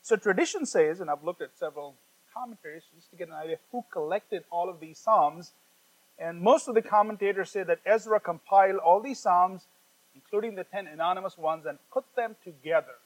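Male preacher, high voice, teaching sermon, slow emphatic scripture reading, a few fillers. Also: rough recording. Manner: slows down and reads scripture aloud with emphasis; explanatory, with occasional fillers.

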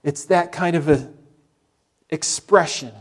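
A middle-aged man preaching a sermon in an animated way, acting out the complaining voices he quotes. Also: on the high side, slow. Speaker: pastor.

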